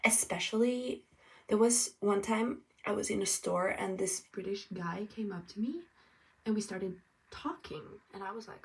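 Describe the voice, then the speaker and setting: A tired woman from France chatting casually as she gets ready, rambling and now and then dropping to a soft whisper. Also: mid-range voice, normal speed. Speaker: vlogger. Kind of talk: casual get-ready-with-me chat. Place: at home getting ready. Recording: distant mic, faint room ambience.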